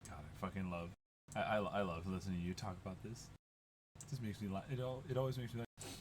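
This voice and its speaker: Stream host, man; lowish voice, rapid easygoing delivery, faint noise behind. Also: fairly even intonation. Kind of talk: casual chat.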